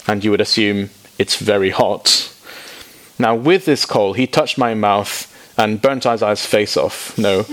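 A man preaching a sermon to a congregation, informal and animated, dropping in quick asides and jokes. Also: mid-range voice. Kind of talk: sermon teaching.

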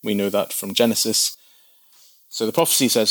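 A man's voice: fairly low pitch, normal speed, pauses often, fairly bright tone, no room sound. Chatty man teaching scripture. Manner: conversational, explains with questions. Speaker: Bible teacher. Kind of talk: verse-by-verse teaching.

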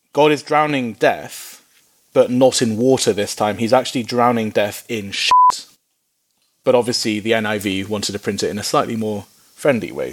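A man giving a sermon as Bible teaching, in a mid-pitched voice. He keeps it lively and funny, breaking into playful little voices when he quotes people. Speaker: preacher.

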